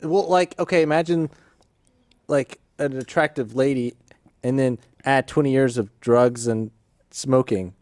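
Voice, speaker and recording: A man's voice: mid-range voice, steady tone, a little slow, a little mellow, dry recording. A man hosting a podcast who tells a casual story in a rambling way. He keeps interrupting himself and laughs at his own story. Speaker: podcast host.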